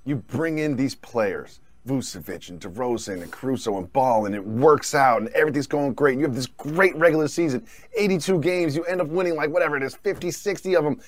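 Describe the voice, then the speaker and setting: A man co-hosting a casual basketball talk show, animated and quick to laugh. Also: no room sound. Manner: animated, laughs often, mock-high asides. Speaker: sports podcast co-host. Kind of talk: casual sports debate.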